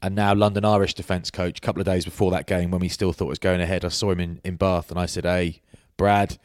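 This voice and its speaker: Deep-voiced bloke rambling through stories on a rugby podcast, matey, dry close mic. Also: male voice, little pitch movement, very fast, a little mellow, dry recording. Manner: rambling anecdotes, matey banter. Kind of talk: casual chat.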